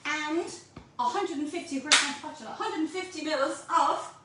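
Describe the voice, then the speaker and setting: A woman's voice: sits high, normal speed, very echoey, distant mic, background noise. An Irish woman teaching a home baking class, chatty and playful, talking straight to her viewers. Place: home kitchen.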